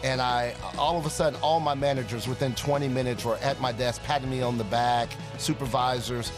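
A man sharing a personal testimony in an earnest, animated way, acting out the dialogue he quotes. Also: medium pitch, fairly quick. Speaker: ministry partner giving a testimony. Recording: guitar music playing underneath. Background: soft guitar music.

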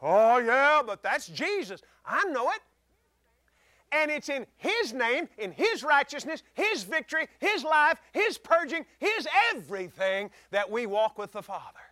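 A male preacher giving a folksy sermon, chuckling often and rising into shouts. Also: very high-pitched, sing-song, measured pace, no room sound, clean studio sound.

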